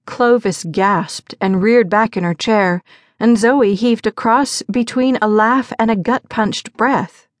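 A woman reading a mystery audiobook aloud, voicing each character with small shifts in pitch. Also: slow pace, no echo, clean studio sound. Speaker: audiobook narrator. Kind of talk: scripted narration.

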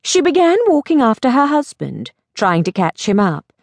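A woman narrating a mystery audiobook in a measured, expressive storytelling manner. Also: on the high side, gravelly, no room sound.

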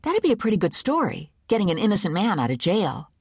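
A woman's voice: mid-range voice, very animated, fast talker, breathy edge, no echo, clean studio sound, voice pushed up. A woman doing a curious young intern man.

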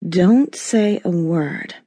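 A woman narrator voicing a sultry, teasing middle-aged woman friend in an audiobook, speaking low and slow. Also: warm tone, slightly rough, no room sound, studio quality, full character voice. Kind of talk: audiobook character voice.

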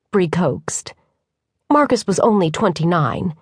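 A woman narrating a contemporary romance audiobook with an even, measured delivery. Her voice sits at a medium pitch, recorded dry and close with no room sound. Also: dry recording. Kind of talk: scripted narration.

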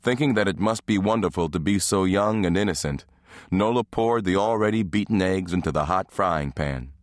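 A man narrating an audiobook in a measured, even reading. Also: low voice, no echo, studio quality. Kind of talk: scripted narration.

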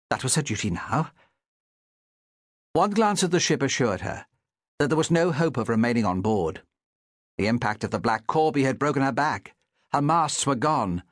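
A man's voice: mid-range voice, no echo, clean studio sound. A man reading an audiobook as narrator in a dramatic, vivid storytelling manner. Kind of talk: scripted narration.

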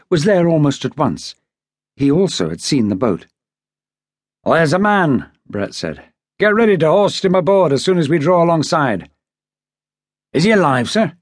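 A man reading an unabridged novel as an audiobook narrator, lifting his voice higher and louder for characters' speech. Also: husky, no echo, studio quality. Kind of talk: scripted narration.

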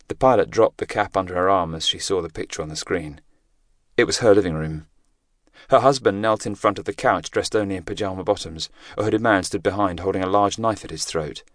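A man narrating an audiobook in a steady, measured storytelling manner. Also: deep voice, no echo, studio quality. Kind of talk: scripted narration.

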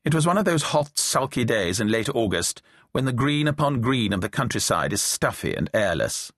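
Wry man narrating, husky voice. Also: medium pitch, normal speed, dry recording. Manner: dry, wry storytelling with lively intonation. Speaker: audiobook narrator. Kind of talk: reading a novel aloud, voicing characters lightly. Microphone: close studio mic, dry booth.

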